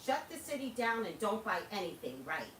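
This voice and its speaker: A woman's voice: medium pitch, big pitch swings, normal speed, a bit bright, echoey room, distant mic, slight background noise, low-quality recording. A woman hosting a livestream, talking casually and passionately to her viewers, laughing often. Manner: impassioned, preachy, laughs often. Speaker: livestream host.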